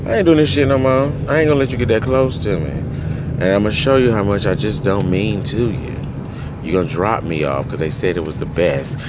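A man crying and ranting in anger and hurt, swinging between yelling and low muttering, recorded outdoors near traffic. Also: brisk. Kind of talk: emotional rant to camera.

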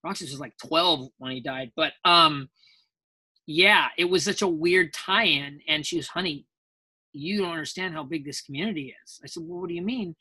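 A man talks as a guest voice actor in a relaxed interview. His voice is bright and forceful. He rambles through anecdotes and acts out the people he quotes. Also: fairly high pitch, normal speed, husky. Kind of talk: casual interview storytelling.

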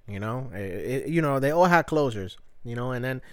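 Man, casual profane rant, smooth clear voice, dry close sound, fillers and restarts. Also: medium pitch, animated, moderate pace, fairly bright tone, no echo. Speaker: show reviewer.

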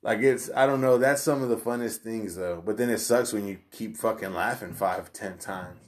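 A man's voice: on the low side, moderate pace, soft background music. A man in casual chat, laid-back and loose, swearing freely and filling his talk with "you know" and "like".

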